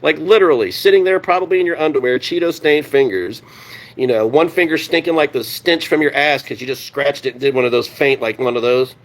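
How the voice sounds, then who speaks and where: A man's voice: mid-range voice, fairly quick. A man ranting on a live stream, heated and sarcastic, swearing constantly and answering his chat. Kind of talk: profane live-stream rant.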